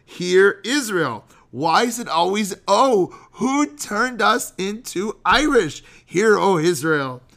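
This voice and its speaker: Chatty, jokey rabbi on a podcast. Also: male voice, sits high, lively intonation, slow pace, hardly any pauses, bright, forceful tone. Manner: chatty, jokey, digressive, sings out Hebrew prayers. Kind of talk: animated podcast sermon.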